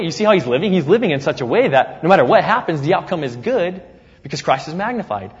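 A man preaching a sermon, casual and conversational, acting out scripture quotes with sudden loud bursts and easy laughs. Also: fairly high pitch, quick pace, in a large hall, dull audio. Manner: animated, acts out the apostle's words with sudden loud jumps. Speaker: pastor.

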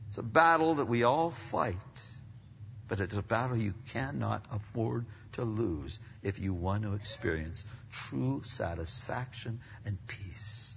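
A man preaching a sermon with a gravelly, husky voice, pitched a little high and pushing out bright and forceful. He swings from quiet asides to loud, rising climaxes. The long church reverb and dull, lo-fi sound surround him. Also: lively intonation, measured pace. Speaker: pastor.

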